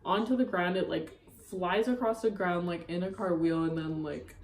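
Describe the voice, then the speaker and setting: A woman's voice: on the low side, steady tone, normal speed, a little mellow. A young woman telling a heated personal breakup story as a vlogger, profane and full of "like". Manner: heated, profane, filler-heavy retelling. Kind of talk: casual storytime. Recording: roomy echo, faint ambient noise.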